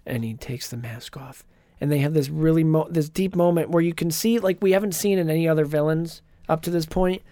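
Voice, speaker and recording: Brief: mid-pitched podcast co-host, lively recapper, dry sound. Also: no echo. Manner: retells scenes with quick impressions of characters. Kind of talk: casual movie recap.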